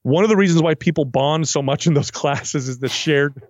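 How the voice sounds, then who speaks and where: A man's voice: fairly high pitch, normal speed, no room sound. Man explaining fitness, slightly dull recording. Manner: animated, acts out client quotes. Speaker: fitness trainer guest. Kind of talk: casual interview talk.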